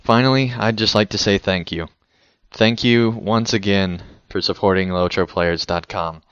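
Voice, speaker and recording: A man's voice: on the low side, normal speed, fairly bright tone, smooth, no room sound. A man hosting a podcast, talking with enthusiasm and thanking his listeners in casual chat. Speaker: podcast host. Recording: dull lo-fi podcast audio.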